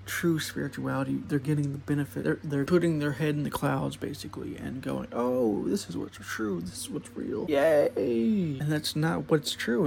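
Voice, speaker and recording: A man's voice: fairly high pitch, vocal fry, darkish tone, a little hiss or hum. A young man hosting a podcast, rambling through a spiritual monologue, laughing at his own points and acting out voices of the mind. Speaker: podcast host.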